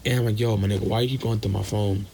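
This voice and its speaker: Casting note: young male caller, lowish voice, slangy and blunt, faint noise behind. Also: fairly even intonation, very fast, gravelly, dark tone. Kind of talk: telling a personal story.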